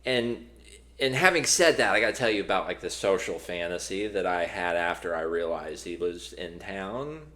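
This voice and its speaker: A man's voice: sits low, expressive, moderate pace, pushed and bright. A man co-hosting a podcast in casual chat, telling a long story with many restarts and fillers. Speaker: podcast co-host.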